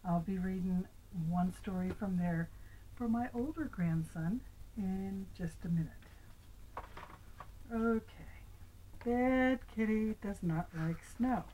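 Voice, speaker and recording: Older grandma reading a kids book out loud, slow and mellow, gentle little questions and whispers here and there. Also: female voice, mid-range voice, lo-fi sound, a little hiss or hum. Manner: gentle, asks the child questions, sometimes whispers. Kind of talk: reading a picture book aloud to a child.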